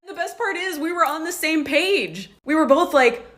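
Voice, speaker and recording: A woman's voice: sits high, expressive, moderate pace, few pauses, a bit bright. A woman telling a funny personal story to camera in a wry, self-mocking way. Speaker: social media creator.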